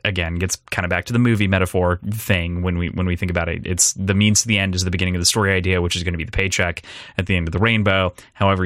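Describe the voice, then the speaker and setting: A young man co-hosting a podcast, talking through a film in a rambling, animated way, with restarts and laughs. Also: low-pitched, dry recording, studio quality. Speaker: podcast co-host. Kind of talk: casual film discussion.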